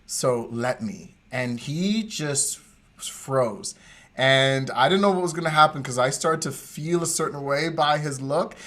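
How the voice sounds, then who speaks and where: A man co-hosting a podcast, telling a personal story in an animated way and acting out what others said. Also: on the high side, unhurried. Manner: animated storyteller, acts out quoted voices. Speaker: podcast co-host. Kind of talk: casual storytelling chat.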